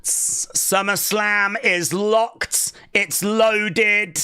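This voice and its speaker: Watch-along host: unhurried, gravelly, excitable reaction commentary. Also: mid-range voice. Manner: excitable, shouts and laughs, chatty asides.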